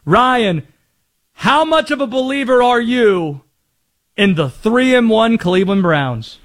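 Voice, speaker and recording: A man with a notably high voice hosts a call-in sports talk show. He talks fast, jokes, and pokes fun at himself while he takes callers. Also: lively intonation, a bit bright. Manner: quick, playful and self-deprecating, laughs easily. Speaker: sports radio host.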